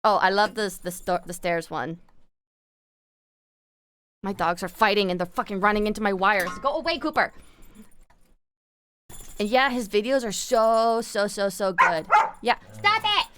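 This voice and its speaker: A woman live streamer chatting casually, rambling excitedly and swearing freely. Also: mid-range voice, moderate pace, slight background noise. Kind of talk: casual chat.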